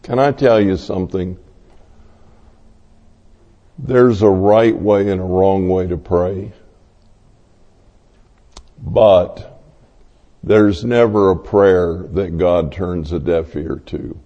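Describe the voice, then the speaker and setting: A male pastor gives a sermon at a deliberate, unhurried pace. He tells stories and acts out the voices of the people in them. His voice carries a long reverb from a large hall. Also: deep voice, steady tone, dull audio. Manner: slow, storytelling delivery acting out quoted voices.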